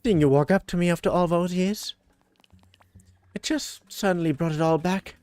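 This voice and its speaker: A man voicing an emotional young woman in a game, halting and gentle. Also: sits high, dry recording, pitched above the performer's own voice, natural voice. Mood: tearful.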